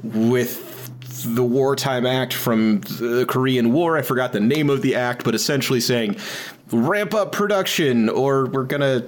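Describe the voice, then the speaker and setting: A man's voice: mid-range voice, unhurried. Joking man with a Midwestern twang. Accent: Midwestern American. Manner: joking, laughs easily. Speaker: podcast co-host. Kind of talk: casual political chat.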